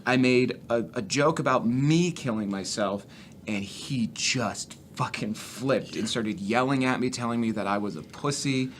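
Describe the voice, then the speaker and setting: This man's voice is medium-pitched and a touch slow, with slight background noise behind it. He's a stand-up comic on a podcast, swapping profane tales from the road with lively, casual storytelling.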